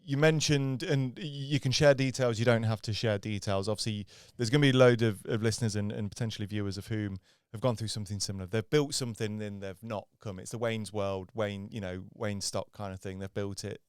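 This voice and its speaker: A man's voice: on the low side, fairly even intonation, clear, resonant tone, dry recording. Brief: male podcast host, playful and teasing, resonant clean tone, close dry mic. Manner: jokey, teasing, quick to laugh. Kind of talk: casual chat. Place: podcast studio.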